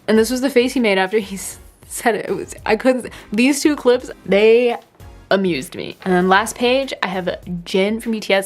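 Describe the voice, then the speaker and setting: A young woman in her twenties chatting casually through a sketchbook tour, rambling, self-deprecating and quick to giggle. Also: medium pitch. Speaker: artist giving a sketchbook tour. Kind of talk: casual chat.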